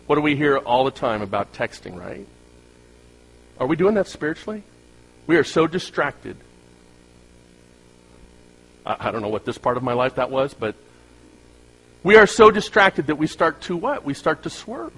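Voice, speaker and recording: In a rough, low-quality recording, a male pastor with a high-ish, slightly bright, slightly rough voice preaches at normal speed with animated delivery. He talks to the congregation conversationally, throwing in jokes on the side and posing rhetorical questions.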